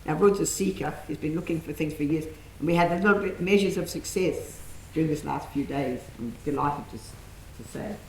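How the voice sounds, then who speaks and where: A woman theatre director coaching actors through a rehearsal, enthusiastic and calling out sharp commands. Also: a little fast, few pauses. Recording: echoey room, faint rumble.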